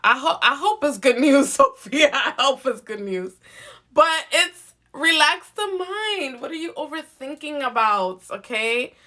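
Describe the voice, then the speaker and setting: A woman's voice: high-pitched, lively intonation, a little slow, sharp tone. A woman giving a live zodiac card reading, coaxing her viewers over and over with affection and frequent laughs. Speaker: tarot card reader.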